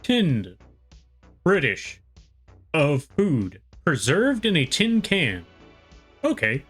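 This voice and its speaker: This young American art streamer chats loosely with his viewers while drawing, rambling between topics and poking fun at himself. His voice is slightly high for a man, very slow, a little rough, and swings hugely in pitch, with soft music playing quietly beneath.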